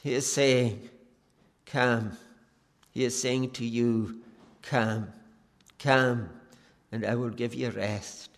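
Slow pleading preacher in a reverberant hall. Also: male voice, mid-range voice, fairly even intonation. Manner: earnest pleading, slow with long pauses. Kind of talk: sermon. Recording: long reverb of a church hall.

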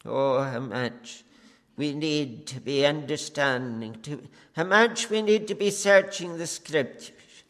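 A man preaching a sermon, earnest and pleading, with long pauses between phrases. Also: fairly high pitch, a bit bright. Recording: long reverb of a church hall.

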